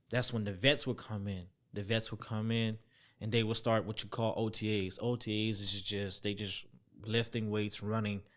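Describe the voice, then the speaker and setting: A young man telling a story as a podcast guest, acting out the voices he quotes, dropping to near-whispers and then jumping up loud. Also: on the low side. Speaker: podcast guest, former football player. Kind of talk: storytelling in a casual interview.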